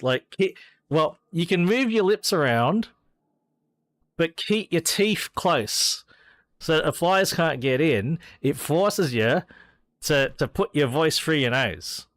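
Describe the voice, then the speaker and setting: A man's voice: a little high, lively intonation, slow pace, a bit bright, no echo. An Australian man chatting casually as he streams a racing game, rambling with hesitations and restarts. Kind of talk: casual gameplay commentary.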